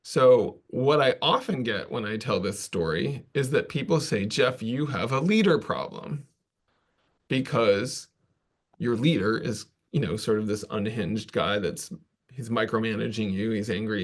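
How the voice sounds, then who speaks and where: A man's voice: fairly low pitch, moderate pace. A man giving a conference talk, telling a story in a casual, self-deprecating way with loose asides. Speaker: conference presenter.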